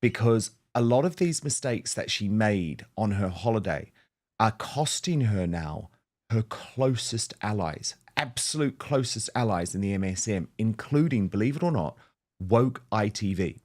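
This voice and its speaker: Male host, casual chat, reads viewer comments, lowish voice. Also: expressive, a little slow, a little mellow. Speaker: show host.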